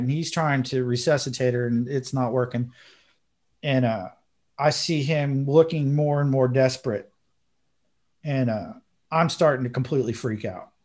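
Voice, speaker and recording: A man hosting a podcast, telling a story in a casual, earnest and emotional way, dropping slang like bro and dude. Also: mid-range voice. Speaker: podcast host.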